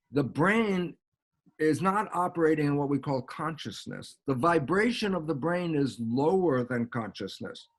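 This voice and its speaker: A man's voice: a little high, husky. An American man, a guest biologist, explaining ideas in an interview and acting out little back-and-forth dialogues as he goes. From United States. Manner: animated, acts out little dialogues.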